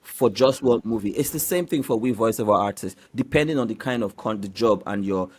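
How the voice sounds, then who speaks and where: A man's voice: lowish voice, a little fast, husky. A man, a voiceover artist, explaining his trade in a casual interview. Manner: explanatory, animated.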